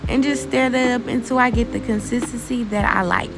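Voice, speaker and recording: Chatty young woman with a gravelly voice. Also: on the high side, steady tone, fairly quick, over music, poor audio. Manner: chatty, informal slang, addresses viewers as y'all. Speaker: beauty vlogger. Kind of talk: casual tutorial voice-over.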